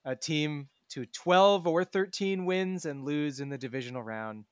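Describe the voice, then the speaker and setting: A man's voice: a little high, measured pace, smooth, dry recording, clean studio sound. A man co-hosting a sports podcast, teasing and wry. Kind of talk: casual chat.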